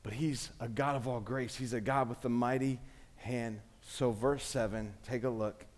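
A man's voice: mid-range voice, steady tone, moderate pace. A man in his forties, a pastor delivering a conversational sermon in a church with call-and-response. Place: church sanctuary.

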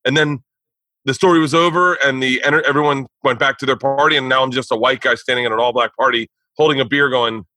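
A man, a comedian, telling a profane story in casual podcast talk, animated and laughing. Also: mid-range voice, fast, no room sound, rough recording.

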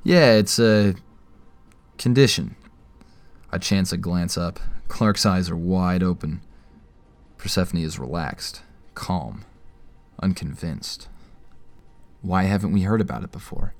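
A man's voice: low-pitched, measured pace, soft background music. A man narrating an audio drama in the first person, with a wry, tense inner-monologue delivery.

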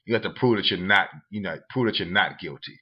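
A man's voice: low-pitched, quick pace, breathy edge, highs cut off. A man co-hosting a podcast, chatting frankly and casually, repeating phrases for stress. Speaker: podcast co-host. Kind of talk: casual chat.

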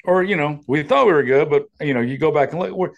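A man co-hosting a casual podcast, with a slightly high male voice. He rambles through his points with a sarcastic edge and frequent swearing. He speaks into a podcast microphone. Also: quick pace, creaky, muffled recording. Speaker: podcast co-host. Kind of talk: casual profane podcast chat.

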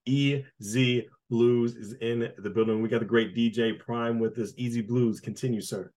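A man's voice: medium pitch, steady tone, normal speed, darkish tone. Male radio host, hype-style plugs and intros. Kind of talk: radio show banter.

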